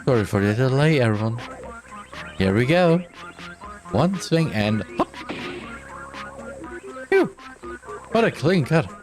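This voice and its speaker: A man's voice: mid-range voice, big pitch swings, slow pace, long pauses, over music. A man voicing a gleeful, sadistic male game-show presenter while reading game dialogue aloud, in a mock-cheerful, theatrical announcing manner. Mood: gloating.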